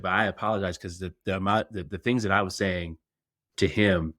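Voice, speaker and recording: A man's voice: sits low, fairly even intonation, a little fast, a bit bright, dry recording, clean studio sound. A man co-hosting a sports podcast, a former football player talking through his own stories in laid-back casual chat.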